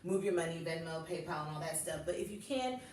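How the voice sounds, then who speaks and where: A woman's voice: low voice, expressive, fast, a little mellow, slight background noise. Sassy woman giving money advice. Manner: sassy, blunt asides. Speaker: finance advice co-host. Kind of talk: casual chat. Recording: echoey room, voice from a distance.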